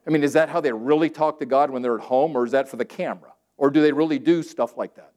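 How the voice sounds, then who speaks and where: A man from Southern California preaching a sermon in plain, everyday words. He is animated and conversational, and acts out scripture verses as he quotes them. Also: fairly high pitch, quick pace. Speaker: pastor.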